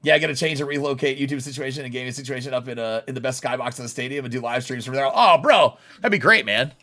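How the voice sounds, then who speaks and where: A man's voice: mid-range voice, little pitch movement, very fast, a bit bright. A young adult man live streaming a baseball video game, chatting bluntly and casually with his viewers and laughing often. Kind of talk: live gaming stream chat.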